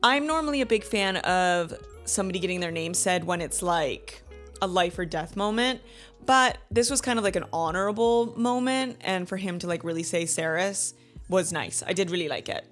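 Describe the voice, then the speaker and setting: A woman in her thirties with a fairly low voice chats through a book review, gushing and animated as she retells each twist. Faint music plays underneath her talk. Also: moderate pace. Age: 30s. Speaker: book club host. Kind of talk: casual book review chat.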